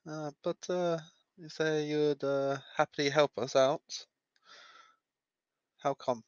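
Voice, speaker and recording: A male tabletop player who speaks very slowly and hesitantly, filling his turns with "uh"s. The sound is dry and close, and dull in tone. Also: on the high side, steady tone, smooth, no room sound. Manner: slow, hesitant, many "uh"s. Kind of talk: tabletop game play.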